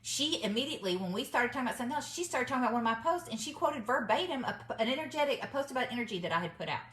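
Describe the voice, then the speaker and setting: A middle-aged woman vlogging about business mindset tells her viewers a story very fast, calling them y'all in a chatty, emphatic style. Her fairly high voice has lively intonation and a fairly bright tone, and the audio is reverberant.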